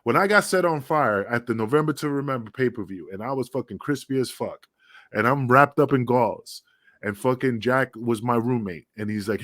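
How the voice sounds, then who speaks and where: A middle-aged retired pro wrestler, guesting on a casual podcast, rambles through profane backstage stories. His mid-range voice is brisk and a bit bright, captured in a dry, studio-quality recording.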